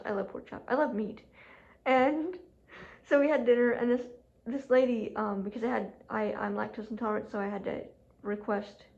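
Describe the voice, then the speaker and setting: A woman's voice: on the high side, vocal fry, darkish tone, highs cut off. A woman vlogging at home, telling a story in a casual, chatty way with lots of "like" and frequent laughs. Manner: chatty, heavy use of "like", laughs often. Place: home room with furnace running.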